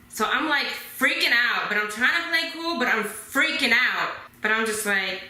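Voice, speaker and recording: A woman in her twenties telling a dramatic storytime vlog, dropping to hushed whispers at times. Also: a little high, animated, measured pace, few pauses, slight background noise. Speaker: vlogger. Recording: echoey room.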